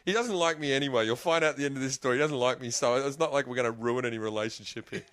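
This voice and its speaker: A man's voice: medium pitch, rapid-fire, fairly bright tone, no room sound. An Australian man, a guest comedian, telling rambling stories in casual podcast chat, swearing and laughing often.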